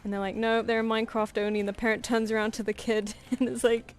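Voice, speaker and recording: A woman's voice: fairly high pitch, flat delivery, quick pace. Young woman, casual streamer chat, anecdotal and giggly, faint music underneath. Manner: chatty, anecdotal, laughs often, acts out quoted voices. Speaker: artist streaming live commissions.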